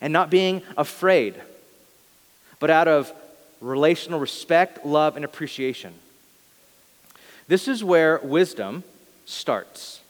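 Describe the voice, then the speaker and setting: A man's voice: fairly high pitch, expressive, slow pace, pauses often, in a large hall. A male pastor giving a sermon, talking in an earnest, conversational way and often correcting himself mid-sentence.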